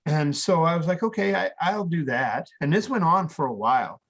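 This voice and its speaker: A man's voice: fairly high pitch, animated, moderate pace, slightly rough. Guy telling his story in an interview, real earnest, gets emotional, talks plain and swears a bit. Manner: earnest, emotional, acts out quoted dialogue; plain-spoken with casual swearing. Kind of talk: candid conversational storytelling.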